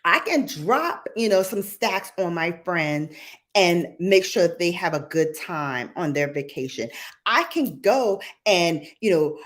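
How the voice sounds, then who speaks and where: A middle-aged woman, hosting a casual livestream chat in a sassy, animated way that jumps to squeals. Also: fairly low pitch, slow. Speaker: livestream host.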